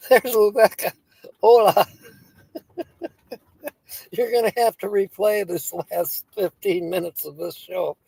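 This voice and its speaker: A man's voice: high-pitched, fairly even intonation, slow, gravelly, long pauses, warm tone, slightly rough, dry recording. A man hosting a casual live stream who reads viewer comments aloud, plays with silly wordplay and keeps breaking into laughter. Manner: giggly, breaks into laughter often; playful and goofy, tickled by wordplay.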